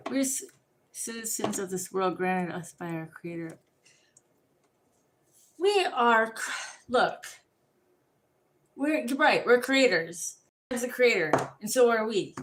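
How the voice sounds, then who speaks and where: A woman's voice: fairly high pitch, measured pace, long pauses, noisy background. Profane rambling woman ranting to camera. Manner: profane, rambling, animated storytelling. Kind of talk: casual rant to camera.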